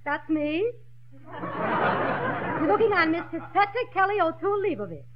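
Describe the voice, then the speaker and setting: A woman playing a pushy, fast-talking lingerie shopkeeper in a 1940s radio comedy. She uses comically mangled phrasing. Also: very high-pitched, very animated, crowd noise, noisy background, full character voice. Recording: dull old radio broadcast recording.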